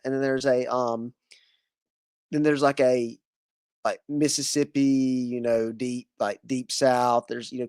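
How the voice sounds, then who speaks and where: A man's voice: medium pitch, a little mellow, no echo, studio quality. A man with a Southern US accent hosting a casual podcast interview, rambling with lots of fillers and restarts. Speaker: podcast host.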